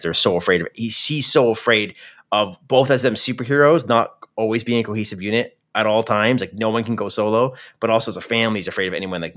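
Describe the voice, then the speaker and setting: A man's voice: fairly low pitch, a bit bright. A man co-hosting a film podcast, explaining a point hesitantly and apologetically in casual chat.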